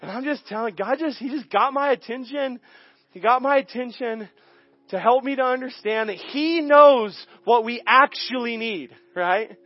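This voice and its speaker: Brief: male pastor, high voice, animated storyteller with chuckles, dry dull recording. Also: moderate pace, no echo. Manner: animated, chuckling, frequent restarts. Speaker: guest pastor. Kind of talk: storytelling sermon. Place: church sanctuary.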